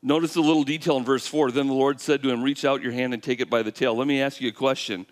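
A male pastor with a mid-range voice preaches quickly. He voices God and Moses in an animated retelling and keeps putting questions to the congregation.

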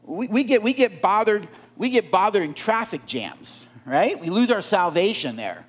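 Animated preacher, high lively voice. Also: male voice, normal speed. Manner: animated, asks the congregation questions. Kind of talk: sermon.

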